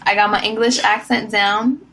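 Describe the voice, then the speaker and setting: A woman's voice: medium pitch, little pitch movement, moderate pace. A young adult woman, an actress guest in a casual podcast chat, laughing often and trying out accents. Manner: giggly, plays with put-on accents. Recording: faint background noise.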